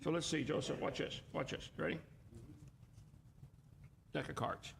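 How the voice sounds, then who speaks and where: Gravelly guy hosting a call-in show, pushy and mocking, kinda high voice. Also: little pitch movement, a little slow, a bit bright, a little hiss or hum. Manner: emphatic, lecturing, mocking. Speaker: host. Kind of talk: argumentative call-in commentary.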